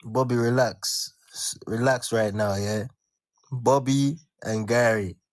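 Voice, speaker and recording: A man's voice: mid-range voice, fairly even intonation, takes it slowly, no room sound, clean studio sound. A man in a casual group voice chat, teasing the others in slangy talk and mock patois. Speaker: chat participant.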